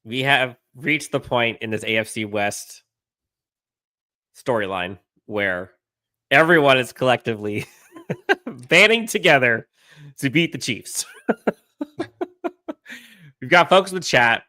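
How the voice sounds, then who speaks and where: Bright, lively male podcast co-host. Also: medium pitch, slow pace, long pauses, no echo. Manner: jokey, reads out live chat. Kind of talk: casual sports podcast chat.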